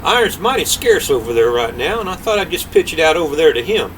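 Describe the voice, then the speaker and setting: Cocky sly young trickster, boastful folksy drawl, slightly raised pitch, voiced by an older man. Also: very animated, fast talker, far from the mic, background noise.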